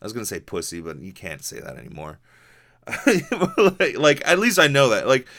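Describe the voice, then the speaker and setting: A man's voice: on the low side, huge pitch swings, normal speed, pushed and bright. A young man from Hawaii hosting a podcast, telling a story in a rambling, profane casual monologue full of restarts and fillers. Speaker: podcast host.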